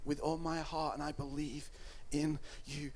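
A man with a high voice preaches an Easter sermon. He drops to near-whispers, then rises to fervent, near-shouted lines. His delivery is earnest and emotional throughout. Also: little pitch movement, measured pace. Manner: impassioned, swings from hushed to loud.

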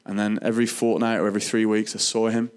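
Male speaker, earnest testimony delivery, somewhat low voice, halting with restarts. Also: little pitch movement, smooth. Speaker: Christian speaker sharing testimony. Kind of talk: personal testimony storytelling.

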